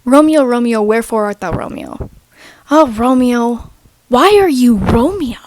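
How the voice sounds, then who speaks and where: Brief: woman doing a lovestruck Juliet, theatrical sing-song, raised pitch. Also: lively intonation, unhurried, darkish tone, dry recording. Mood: yearning.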